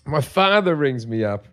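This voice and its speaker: An Australian man telling a comedic story on a podcast, animated and profane. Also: fairly high pitch. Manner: profane, animated, doing voices of his parents. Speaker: podcast host.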